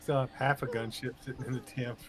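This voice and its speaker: A man's voice: mid-range voice, flat delivery, a little fast, a crowd in the background. A man streaming a game, chatting casually and muttering to himself while he plays. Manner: joking, muttering while playing. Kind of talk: casual gaming chat. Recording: game sounds and faint noise behind.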